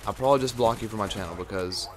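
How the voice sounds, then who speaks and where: Low-voiced young man rambling into close mic. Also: racing, a little hiss or hum. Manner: rambling, filler-heavy, off-topic. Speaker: gaming video creator. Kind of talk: casual chat over gameplay footage. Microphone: close mic right at his face.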